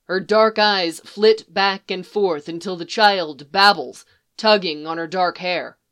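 A woman reading fan fiction aloud in a soft, even storytelling manner. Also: on the low side, slow. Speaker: reader.

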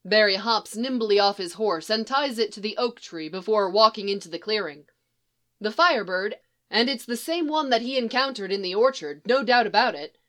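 Woman reading a story aloud, wry and measured. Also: medium pitch, expressive, fairly bright tone. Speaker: reader. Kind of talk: storybook narration.

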